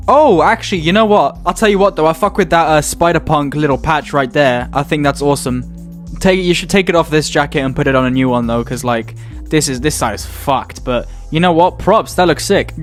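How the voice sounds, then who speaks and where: Foul-mouthed mocking guy. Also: fairly high pitch. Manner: profane, mocking, laughs often. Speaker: reaction video host. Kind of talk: casual reaction commentary.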